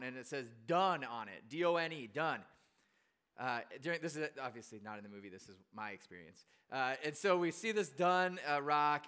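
A man preaching in a relaxed storytelling style, his voice fairly high and very bright. His tone is clean and smooth as he chats along, self-deprecating and full of easy restarts. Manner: chatty and self-deprecating, with frequent fillers and restarts. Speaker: pastor. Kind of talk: casual storytelling sermon.

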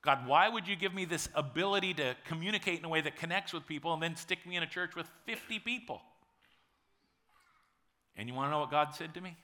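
Pastor guy in his 40s preaching, chatty storytelling, bright voice, a bit high. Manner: storytelling, conversational preaching with dramatic pauses. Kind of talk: sermon.

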